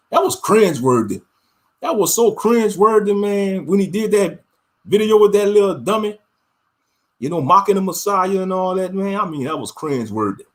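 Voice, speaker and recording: A male online commentator with a fairly high voice, talking loosely in slang. He preaches in a casual way and laughs often as he goes.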